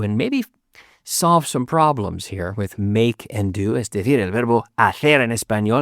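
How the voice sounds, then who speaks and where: Lively bilingual male English teacher. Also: medium pitch, no echo, clean studio sound. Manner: switches between English and Spanish, repeats sentences slowly for learners. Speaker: English teacher and podcast host. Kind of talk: bilingual language lesson.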